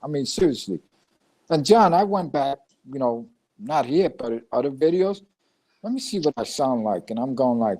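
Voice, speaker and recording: A man's voice: mid-range voice, lively intonation, normal speed, mellow. An older man from a Puerto Rican family in New York, with a New York accent, telling stories bluntly and profanely on a live chat stream. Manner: profane, blunt storytelling, chuckles often. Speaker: live show panelist. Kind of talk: casual chat.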